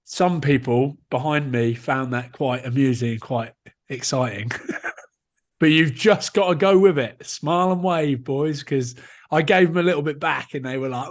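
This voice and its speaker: A man's voice: mid-range voice, moderate pace. A man in his thirties, a rugby player co-hosting a podcast, telling jokey self-mocking stories in casual chat.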